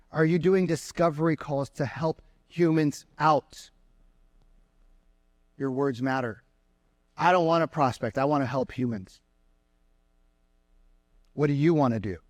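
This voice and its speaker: A man giving an energetic sales seminar to a live room, firing questions at the crowd. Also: a little high, no room sound. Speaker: sales trainer. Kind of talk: live seminar talk to an audience. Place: meeting room with an audience.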